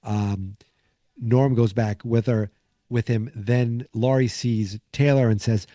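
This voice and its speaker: A man's voice: mid-range voice, steady tone, slow, dark tone, dry recording, clean studio sound. A man hosting a podcast, casually recapping a sitcom episode in a rambling way, acting out bits of dialogue along the way. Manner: rambling, acts out quotes from the episode. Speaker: podcast host.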